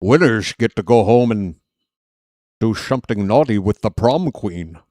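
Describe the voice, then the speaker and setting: A man putting on an impression of a gruff, suave older Scottish film star, with a smug, taunting delivery. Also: on the low side, expressive, a little slow, dark tone, no echo. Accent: Scottish, put on. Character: gruff suave older Scottish male movie tough guy.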